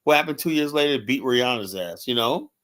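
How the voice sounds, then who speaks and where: A man from Virginia in casual chat, telling rough stories from his club security days, with lots of profanity and "you know". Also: medium pitch. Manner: fast, animated storytelling with heavy profanity and "you know". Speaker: podcast guest, former club security.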